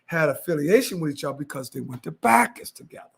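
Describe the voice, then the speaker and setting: A man's voice: on the high side, fast, vocal fry, breathy edge. A man telling a street story on a podcast, heavy with slang and acted-out quotes. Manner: animated street slang, acts out quoted voices. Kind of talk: casual storytelling chat.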